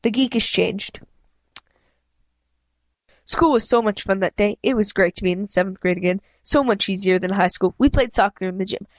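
Halting woman reading a children's novel. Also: medium pitch, no room sound. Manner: halting, frequent self-corrections. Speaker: reader.

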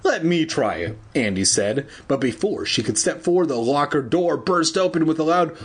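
A man's voice: normal speed, husky. A man reading a children's horror novel aloud, shrieking the characters' lines and breaking off for crude, joking asides. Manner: animated, jumps to shrill shrieks for characters, swears in asides.

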